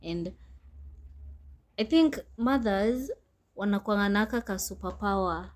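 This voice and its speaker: Young Kenyan female co-host, mid-pitched, thoughtful code-switching chat. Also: takes it slowly, a little mellow. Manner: reflective, acts out quoted people. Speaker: podcast co-host. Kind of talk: casual chat.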